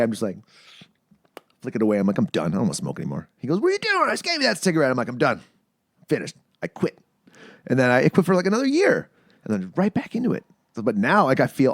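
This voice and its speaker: A man's voice: mid-range voice, darkish tone, no room sound, studio quality. A man hosting a podcast, chatting casually and telling long, profane stories in which he acts out the other people's lines. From Canada. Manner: swearing storyteller, acts out quoted voices. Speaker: podcast host. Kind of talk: casual chat.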